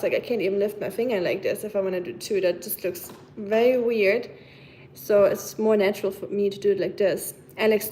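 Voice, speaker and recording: A woman from Germany with a medium-pitched, slightly mellow voice hosts a livestream, casually chatting with viewers and responding to their comments. Some faint background noise can be heard.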